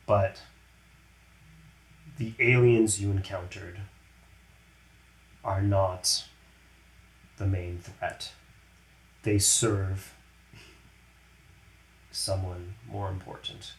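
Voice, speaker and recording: A man voicing a grave alien woman warrior, speaking quietly and in a measured, solemn way in a low voice. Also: level tone. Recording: roomy echo.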